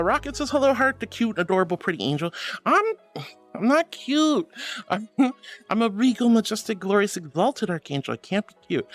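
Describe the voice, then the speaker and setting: A young woman streaming casually, reading chat aloud and calling viewers sweetie and darling, with frequent giggles in her talk. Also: medium pitch.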